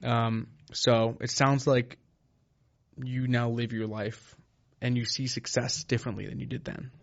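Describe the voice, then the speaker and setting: A man hosting a podcast, asking relaxed, reflective follow-up questions in a conversational way. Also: medium pitch, a little slow, gravelly, highs cut off. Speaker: podcast host. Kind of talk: conversational interviewing.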